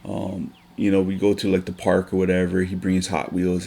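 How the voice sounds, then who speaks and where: A man, talking on a casual podcast in a deep voice. His tone is gravelly and full of vocal fry. He speaks earnestly, with frequent ums and restarts. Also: monotone, normal speed, dark tone. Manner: earnest, emotional, with many fillers and restarts. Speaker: teacher.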